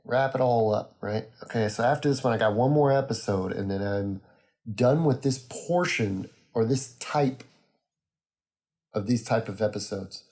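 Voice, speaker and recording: Mellow-voiced man hosting a casual podcast. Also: fairly low pitch, measured pace. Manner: rambling, easygoing, many ums and uhs. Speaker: podcast host. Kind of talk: casual solo podcast monologue.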